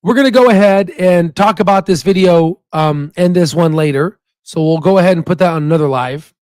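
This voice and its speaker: Young adult male stock host, chatty and excitable, dry recording. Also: high-pitched, fairly quick, clear, resonant tone, no room sound. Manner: chatty, excitable, rambling with many fillers. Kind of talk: casual livestream commentary.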